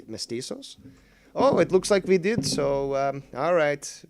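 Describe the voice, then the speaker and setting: A man hosting a casual call-in livestream, rambling and sarcastic, cursing at his software. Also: a little high, lively intonation, moderate pace, smooth, dry recording. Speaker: livestream host.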